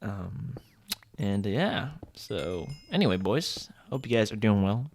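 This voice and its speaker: A man's voice: lowish voice, animated, takes it slowly, creaky, a little mellow, slight background noise. A young man telling a casual gaming story in a rambling, joking way, full of filler words. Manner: laid-back and joking. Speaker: gaming vlogger.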